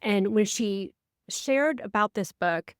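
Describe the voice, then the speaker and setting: A woman co-hosting a podcast in a casual, talkative way, with a middle-range voice. She tells stories animatedly and jumps up high when she acts out quotes. The sound is dry and close. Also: slow, smooth, dry recording. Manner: animated storyteller, acts out quotes with big pitch swings. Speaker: podcast co-host and life coach.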